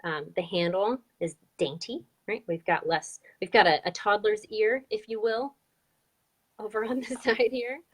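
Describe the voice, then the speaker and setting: A woman's voice: medium pitch, a little slow, husky. Chatty woman teaching a drawing lesson. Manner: chatty, upbeat, explains step by step. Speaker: drawing instructor. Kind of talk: live online drawing lesson.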